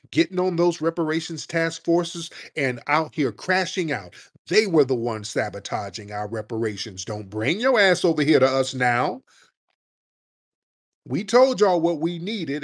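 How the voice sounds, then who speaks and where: Combative radio host, man, mocking and animated, fairly high voice. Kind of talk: talk radio rant.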